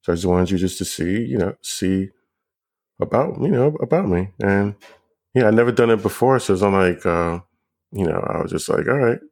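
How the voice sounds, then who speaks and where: A young man as a podcast guest in a casual chat, laid-back and halting, often repeating words. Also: on the low side, animated, a little mellow, dry recording, studio quality. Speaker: guest, partner of the host.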